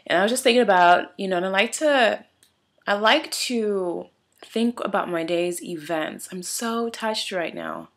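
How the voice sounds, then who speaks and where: At home in her room, a young woman vlogger tells a story in a candid home vlog, her voice medium-pitched and her pace normal. She is emotional and teary, rambling along with plenty of fillers.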